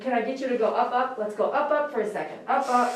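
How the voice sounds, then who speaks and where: A woman dog groomer on a live stream, talking softly and emotionally to a dog while she grooms it. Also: a little high, quick pace. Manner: soft, emotional, coaxing talk to a dog. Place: grooming room. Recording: roomy sound from a distance over faint noise.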